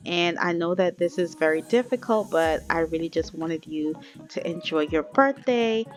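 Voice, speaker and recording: A sweet young best friend from a life-sim story, reassuring and kind, voiced by a woman narrator. Her voice lifts slightly above the narrator's usual pitch, with faint music behind. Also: expressive, moderate pace, natural voice. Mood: caring.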